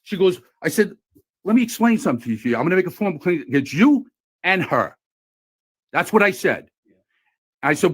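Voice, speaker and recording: A man argues loudly and combatively while filming inside a post office. His voice sits high and swings widely in pitch as he repeats himself and talks over everyone. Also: very animated, normal speed, long pauses, slightly rough. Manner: loud, combative, talks over others, lots of repetition. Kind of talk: heated argument while filming. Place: indoors at a post office counter.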